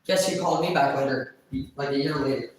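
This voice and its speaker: A man's voice: medium pitch, fast, distant mic. A man telling a rambling, profane story about an ex, acting out the other voices. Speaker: vlogger. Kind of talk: casual storytelling. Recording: very echoey room, away from mic.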